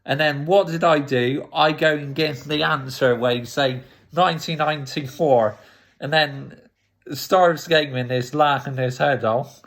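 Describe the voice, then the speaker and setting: A man's voice: mid-range voice, fairly even intonation, measured pace, fairly bright tone. A man, a YouTuber casually retelling stories and laughing often as he talks. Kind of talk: casual storytelling recap.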